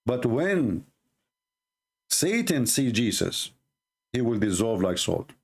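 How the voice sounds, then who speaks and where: A live debate show host, male, speaks with an Arabic accent and has Arabic as his first language. His medium-pitched voice is husky and sing-song as he argues emphatically, repeating phrases and slowing to underline points.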